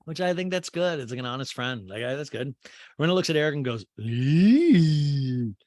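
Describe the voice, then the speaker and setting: Animated sarcastic man hosting a podcast. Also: medium pitch, no room sound, clean studio sound. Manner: sarcastic, quick to slip into character voices. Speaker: podcast host. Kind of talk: comedic reality-TV recap.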